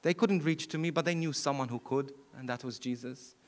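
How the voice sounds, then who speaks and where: A man's voice: mid-range voice, a little fast. A middle-aged man from Malta, a priest giving a keynote talk to an audience and taking questions, speaking earnestly with frequent restarts. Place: event hall.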